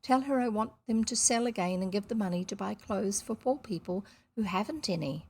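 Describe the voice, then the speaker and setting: A woman's voice: mid-range voice, fairly quick, darkish tone, husky. A woman voicing an earnest, polite young boy in a storybook reading.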